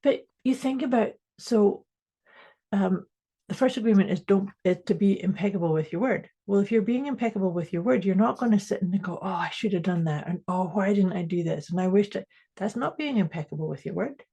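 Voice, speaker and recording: Husky, gravelly-voiced woman podcast host. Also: medium pitch, brisk, warm tone. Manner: explains ideas step by step, laughs easily. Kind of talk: casual mindset chat.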